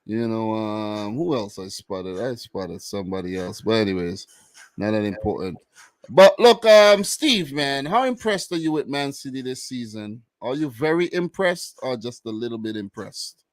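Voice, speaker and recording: A man from Saint Vincent with a Vincentian accent co-hosts a casual football chat, laid-back and slangy, slipping into island dialect. His mid-range voice is expressive at a normal speed, in a dry recording.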